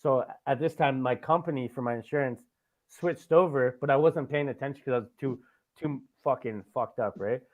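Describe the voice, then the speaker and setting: A man from Canada, hosting a casual podcast chat, speaks at a normal speed in a mid-range voice while telling a long, rambling story. He swears often and peppers his lines with "right?", and the sound is tinny, like phone audio.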